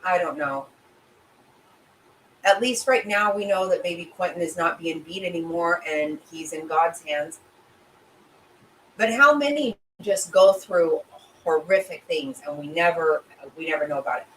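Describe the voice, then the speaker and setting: A woman's voice: fairly low pitch, expressive, measured pace, echoey room. Sympathetic middle-aged woman on a livestream. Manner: emotional, sympathetic, rambling with restarts. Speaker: livestream host reading chat. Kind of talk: casual livestream chat. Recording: voice a bit distant from mic with faint ambient noise.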